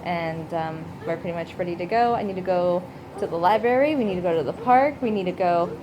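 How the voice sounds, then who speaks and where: A woman's voice: lowish voice, fast talker, noisy background. A woman who is a mother, talking casually at home in a vlog, venting and acting out people in her stories. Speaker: vlogger and mother. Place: at home, indoors.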